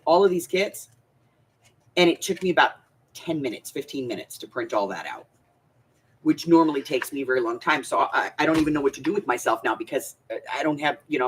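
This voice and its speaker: A woman's voice: sits low, husky. A woman hosting a crafting channel, chatting casually and rambling, with frequent restarts and laughter. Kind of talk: casual chat.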